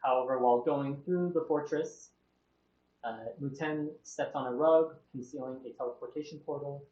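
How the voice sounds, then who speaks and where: A man's voice: medium pitch, a little mellow. Man recapping a tabletop session, roomy. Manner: halting, with many fillers. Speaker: game master. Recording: muffled, roomy online call audio.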